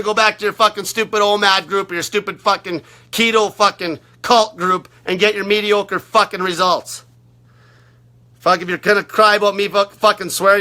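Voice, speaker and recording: A man coaching on fasting in a blunt, aggressive monologue full of constant swearing. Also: high-pitched, bright, forceful tone. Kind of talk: profane ranting monologue.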